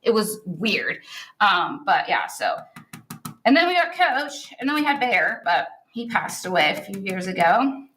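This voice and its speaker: A woman's voice: mid-range voice, sing-song, measured pace, pushed and bright, a little hiss or hum, rough recording. A woman co-hosting a crafting livestream, chatting casually and laughing as she works, full of "like" and "oh my gosh.". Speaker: co-host of a stenciling livestream. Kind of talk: casual chat while crafting.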